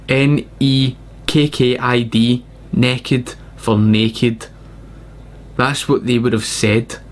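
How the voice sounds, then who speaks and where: Scottish male vlogger, unhurried, mid-pitched, circles back and hammers his points home. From Scotland. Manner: rambling, emphatic, repeats points. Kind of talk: casual explanatory monologue.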